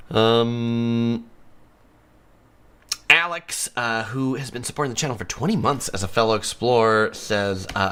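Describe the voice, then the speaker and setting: A man's voice: medium pitch, a bit bright. A man from San Diego hosting a live stream, chatting easily and laughing often as he reads viewer comments. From United States (San Diego).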